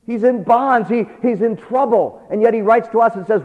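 Preacher on a tinny, echoing recording. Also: male voice, very high voice, moderate pace. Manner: exhorting, swings between quiet asides and loud emphatic preaching. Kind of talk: sermon. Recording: tinny phone-like sound with long reverb.

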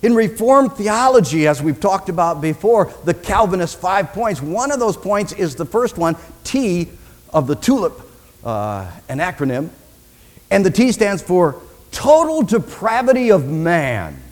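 Animated man preaching a sermon in a hall. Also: high-pitched, measured pace. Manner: animated, dramatic, swings from loud to hushed. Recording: long reverb in a large hall.

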